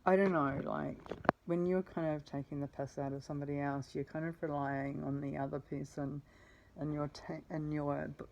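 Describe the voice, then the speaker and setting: A woman recounting her week in a rambling, self-correcting way, swearing now and then. Her voice sits low and flat, with a gravelly, mellow tone. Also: normal speed, slight background noise, poor audio. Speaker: vlogger. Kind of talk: rambling personal storytelling.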